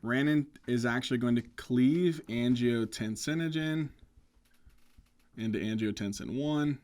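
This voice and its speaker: Male medical lecturer, mid-pitched voice, lively questioning delivery, casual teaching tone. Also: a little slow. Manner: energetic, asks the class questions, says "right?" often. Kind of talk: whiteboard lecture.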